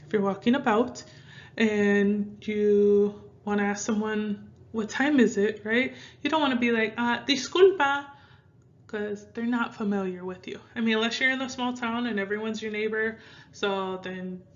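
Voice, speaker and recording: A young American woman from Minnesota gives a casual Spanish lesson, talking in a chatty, rambling way with many fillers. Her voice sits at a middle pitch for a woman, and her Midwestern accent is easy to hear. The recording sounds a little dull and lo-fi. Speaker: Spanish teacher.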